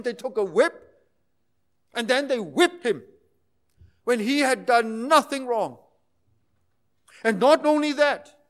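A man delivers a sermon in a strikingly high voice. He explains calmly, then builds to fervent, emphatic passages before sinking back to soft, hushed tones. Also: smooth. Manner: impassioned, rising to emphatic intensity then dropping to near-hushed tones. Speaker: preacher.

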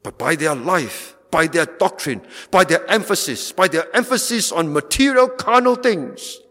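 A man preaches a fervent sermon with a somewhat high voice, hammering his points through repetition. His words ring out with a long reverb, as in a large church hall. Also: expressive, a little slow, sharp tone. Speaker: pastor.

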